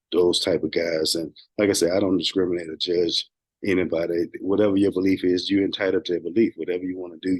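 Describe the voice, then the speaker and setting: A man hosting a podcast, talking casually and hesitantly with many pauses. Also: low-pitched, darkish tone, slightly rough, no room sound. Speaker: podcast host. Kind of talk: casual talk.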